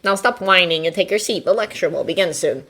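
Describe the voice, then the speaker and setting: A woman's voice: lowish voice, brisk, a bit bright. Woman voicing a stern, formal teen boy. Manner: stiff, formal, scolding. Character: stern, earnest teenage boy class representative. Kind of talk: fanfiction audiobook reading.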